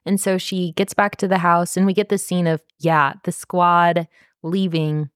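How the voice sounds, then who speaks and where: A woman co-hosting a podcast, recapping a TV drama in a casual, animated way with lots of fillers and swearing. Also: on the low side, a little slow, no echo, clean studio sound. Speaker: podcast co-host.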